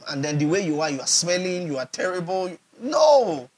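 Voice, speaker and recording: Preaching a sermon, a Nigerian pastor speaks in a high-pitched, slightly bright voice with big pitch swings, a moderate pace, and a breathy edge. His delivery is emphatic and repetitive, and he keeps asking the audience questions to check their understanding.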